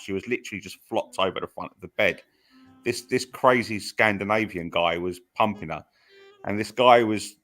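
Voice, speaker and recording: Rambly guy telling a story on a chat podcast, kinda bright sharp voice, low-ish. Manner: rambling, many restarts and fillers. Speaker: podcast co-host.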